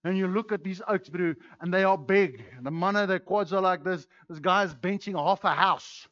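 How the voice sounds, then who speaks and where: Pastor, male, NZ accent, middle-aged, high voice, passionate preaching, dry muffled sound. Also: moderate pace. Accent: New Zealand. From New Zealand. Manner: fiery, swings from shouting to quiet tenderness. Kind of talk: sermon.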